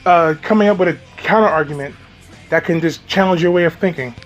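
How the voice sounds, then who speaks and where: A man with a high voice rants through a reaction commentary, sarcastic and mocking, swearing freely and laughing at his own jabs. Faint music plays underneath. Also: fairly quick. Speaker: commentary YouTuber. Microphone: home recording, off camera.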